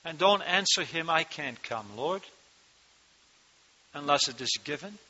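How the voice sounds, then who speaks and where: A man preaching a sermon into a microphone to his congregation, slow and emphatic, rising to loud cries on key words, speaking with a turn of phrase. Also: fairly high pitch, lively intonation. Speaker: pastor. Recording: dull lo-fi sound.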